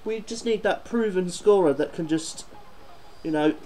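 Bloke with a highish voice ranting and swearing about his football team. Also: moderate pace, mellow, slight background noise, low-quality recording. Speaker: football fan vlogger. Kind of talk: football fan video reaction.

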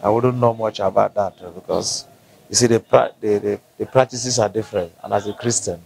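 A man with a Nigerian accent answering interview questions, halting and restarting as he searches for words. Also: lowish voice, fairly even intonation, vocal fry, darkish tone. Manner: halting, restarts often, slow to find words. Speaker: interviewee from the local community.

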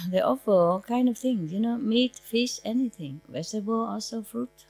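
This spiritual teacher's voice is fairly high, with vocal fry and a darkish tone, and she talks at a normal speed. She lectures her disciples casually at a meditation centre in simple, non-native English, joking and chatting and laughing in between asides.

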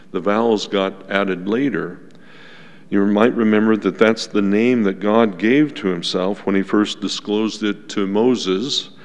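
A male pastor preaching a sermon to his congregation in a gentle, unhurried teaching tone, with asides to the listeners. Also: on the low side. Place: church sanctuary. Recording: long church reverb.

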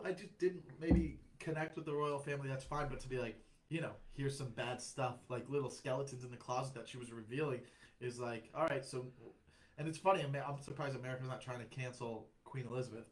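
A man's voice: medium pitch, fast talker, low-quality recording. A young man chatting on a comedy podcast as a guest, rambling and reflective, with many restarts. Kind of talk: casual podcast chat.

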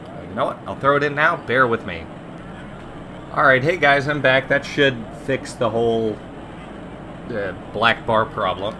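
A man casually commenting on a game, reading its lines aloud, swearing and joking with sudden loud outbursts. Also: medium pitch, moderate pace, noisy background. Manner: profane, joking, animated outbursts. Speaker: let's play commentator.

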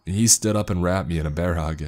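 A male narrator reading a horror story aloud in a steady, matter-of-fact way. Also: deep voice, brisk.

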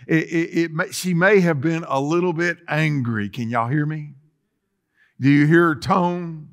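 Slow-preaching pastor, fairly high voice. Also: male voice. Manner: preaching with rising intensity and long pauses. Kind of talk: sermon.

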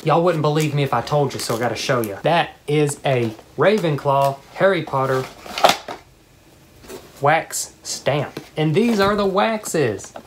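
A woman vlogger chatting casually and excitedly as she opens fan mail at home, often gasping and laughing. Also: low-pitched, measured pace. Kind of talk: casual unboxing chat. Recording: background noise with paper crinkling.

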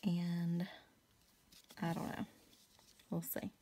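A woman chatting casually to her viewers while she crafts, rambling with many fillers and soft asides. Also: lowish voice, level tone, drawn-out words, husky. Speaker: craft vlogger.

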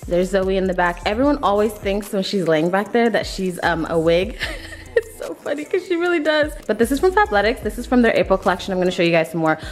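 A woman in her twenties talks quickly with few pauses, faint music playing behind her. She's vlogging casually to camera at home, in the bathroom and workout room, and now and then chats to her dogs in a high, sing-song voice.

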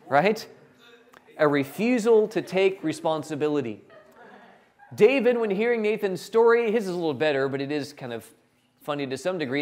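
A man preaching a sermon, animated and jokey, acting out characters in quick quotes. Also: a little high. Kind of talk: sermon with acted Bible quotes.

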